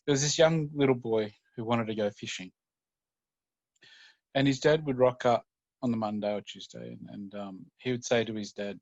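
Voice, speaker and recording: A man's voice: medium pitch, dry recording, highs cut off. Man telling a story. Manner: conversational, unhurried, with fillers. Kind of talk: oral storytelling.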